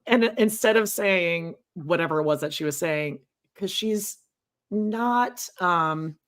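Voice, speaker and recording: Woman, low-pitched, casual podcast co-host, animated storyteller. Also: slow pace. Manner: animated storytelling, imitates people she quotes. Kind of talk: casual chat.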